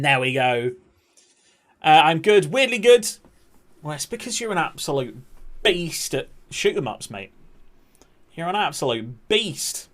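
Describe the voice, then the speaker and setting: A man's voice: medium pitch, very animated, measured pace, long pauses, a bit bright. A man chatting casually on a game stream, swearing and talking to his chat.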